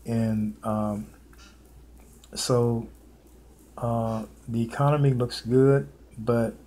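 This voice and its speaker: A man speaking an informal sermon to camera, earnest and repetitive, with many pauses and fillers as he warns of coming events. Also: medium pitch, fairly even intonation, dark tone, slight background noise. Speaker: preacher sharing prophetic visions.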